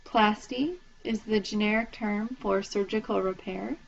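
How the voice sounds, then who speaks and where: A woman's voice: mid-range voice, steady tone, measured pace, gravelly. Patient woman lecturing on a lo-fi recording. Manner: patient, spells out terms letter by letter. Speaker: instructor. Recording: dull lo-fi lecture recording with faint noise.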